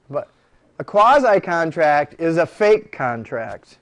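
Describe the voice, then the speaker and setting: A man teaches a law class in a classroom, his voice sitting a little high. He talks in an animated, joking way and keeps throwing rhetorical questions at the students. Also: slow pace. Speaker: law lecturer. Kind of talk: classroom lecture.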